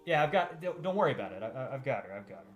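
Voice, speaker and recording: A man voicing a quiet, hesitant farmer father who stammers and keeps it short. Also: medium pitch, sing-song, racing, highs cut off, soft background music, lightly acted.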